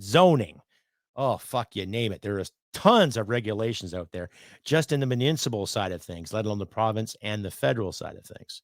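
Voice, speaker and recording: A man's voice: fairly low pitch, expressive, fairly quick, no echo, clean studio sound. A man in his fifties hosting a solo podcast, ranting bluntly with profanity and sarcasm. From Canada. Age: 50s. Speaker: podcast host.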